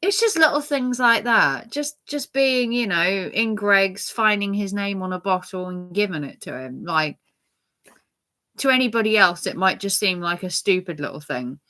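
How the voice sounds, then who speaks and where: A woman's voice: mid-range voice, expressive, normal speed, pushed and bright. A middle-aged woman chatting casually to her viewers, rambling with lots of fillers and restarts. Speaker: channel host.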